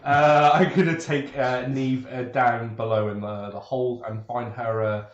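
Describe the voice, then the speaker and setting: A man's voice: medium pitch, steady tone, a little slow, roomy sound, highs cut off. A man playing in a tabletop game, talking hesitantly with many restarts. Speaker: player.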